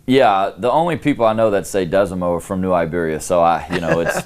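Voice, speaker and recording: Man, deep low voice, head coach, relaxed candid answers, lots of filler phrases. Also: fast talker. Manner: relaxed, candid, peppered with "you know". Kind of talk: sit-down interview.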